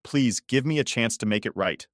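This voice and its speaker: A man voicing a cornered, defensive and pleading adult wife, raising his pitch with a shaky delivery. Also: moderate pace, no echo, studio quality, close to an everyday voice.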